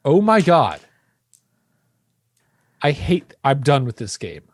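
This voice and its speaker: A man's voice: medium pitch, huge pitch swings, slow pace, no room sound. Playful rambling American man, dry sound. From United States. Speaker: podcast co-host. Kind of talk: casual chat.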